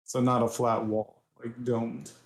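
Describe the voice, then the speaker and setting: A man's voice: mid-range voice, little pitch movement, measured pace, creaky. A man playing a tabletop game, hesitantly laying out his plans in careful detail. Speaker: player. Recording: roomy echo.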